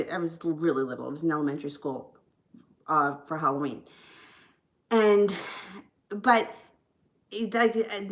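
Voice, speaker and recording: A woman's voice: fairly low pitch, fairly bright tone. Frank, rambling woman tarot reader. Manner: rambling, frank, swears freely. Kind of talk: casual livestream chat.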